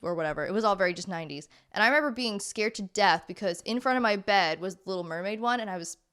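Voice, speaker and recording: A woman's voice: mid-range voice, quick pace. Chatty young woman podcast co-host. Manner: chatty, animated storytelling with many fillers. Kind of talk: casual chat.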